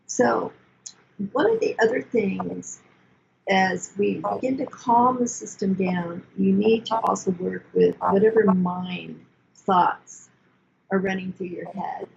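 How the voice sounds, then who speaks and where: An older woman therapist explaining self-compassion in a calm, soothing conversational way, repeating key phrases. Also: medium pitch, slow, vocal fry, lo-fi sound, slight background noise. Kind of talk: conversational teaching.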